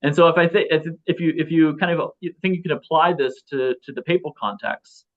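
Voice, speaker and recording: A man in his thirties, a philosopher appearing as a guest in a casual interview, rambles with lots of restarts and fillers. His voice is fairly high and brisk. The audio is lo-fi and slightly dull.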